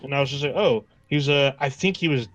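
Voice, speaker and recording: A man co-hosting a podcast who rambles through stories and swears easily. His voice sits at an ordinary middle pitch. It is recorded close and dry. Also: fast talker, no room sound, muffled recording. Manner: rambling, profane, retells scenes with quoted reactions. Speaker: podcast co-host. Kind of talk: casual chat.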